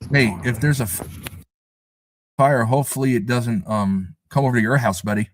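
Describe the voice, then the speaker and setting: A man's voice: medium pitch, moderate pace, slight background noise. A man hosting a casual live stream, talking emphatically and scoffing as he repeats his points. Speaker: livestream host.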